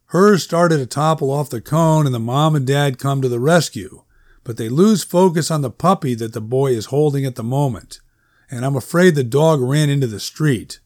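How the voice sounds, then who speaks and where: A man's voice: medium pitch, normal speed, darkish tone, no room sound, clean studio sound. A man narrating a story in a conversational, wry storytelling manner. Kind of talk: audiobook narration.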